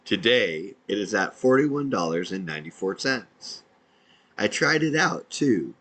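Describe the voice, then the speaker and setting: A man's voice: on the low side, sing-song, a little slow, a bit bright, rough recording. A man, an independent podcaster, reading out his own messages in a dry, matter-of-fact way.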